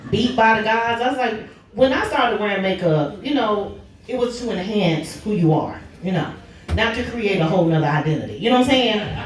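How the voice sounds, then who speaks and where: A stand-up comedian from Oklahoma, telling animated stories about her kids. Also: a little fast. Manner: animated, jumps high in pitch for punchlines. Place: comedy club stage. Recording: echoey club from a distance.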